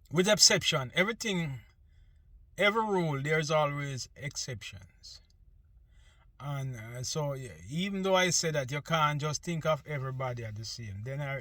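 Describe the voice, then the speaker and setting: A man's voice: on the high side, sharp tone, dry recording. A man from Jamaica with a Jamaican accent, talking through an earnest, opinionated monologue as host, slipping between patois and English. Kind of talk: casual monologue.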